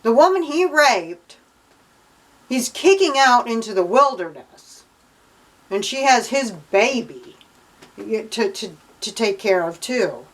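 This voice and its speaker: Slow, indignant woman vlogger. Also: on the high side, animated, low-quality recording. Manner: indignant, sarcastic retelling. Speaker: vlogger reading through the Bible. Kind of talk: casual commentary.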